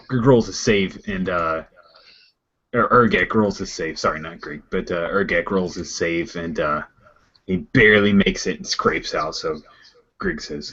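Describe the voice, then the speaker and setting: A man narrating as game master, with relaxed, loose storytelling. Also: low-pitched, moderate pace, breathy edge, muffled recording.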